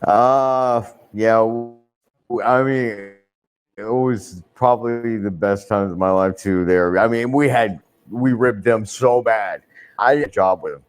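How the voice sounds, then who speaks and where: A man's voice: fairly low pitch, measured pace, clear, resonant tone. An older man telling a rambling, profane anecdote in an interview, often restarting and swearing freely. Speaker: wrestler telling a story in an interview.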